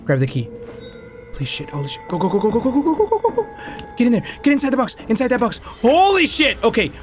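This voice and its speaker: A man giving excitable, profane let's-play commentary on a game, slipping into Spanish slang now and then. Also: very high voice, fast. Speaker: gaming YouTuber. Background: game music.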